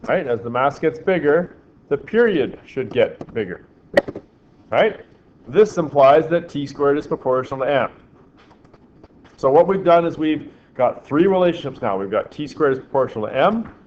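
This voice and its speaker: A man teaching a physics class, quizzing his students and making dry joking asides. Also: fairly high pitch. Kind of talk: classroom lecture. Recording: slightly dull classroom recording with faint background hiss.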